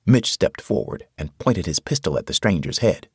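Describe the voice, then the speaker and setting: A man's voice: sits low, big pitch swings, normal speed, a little mellow, husky, no echo, studio quality. A man narrating a horror audiobook in the first person, with dramatic storytelling.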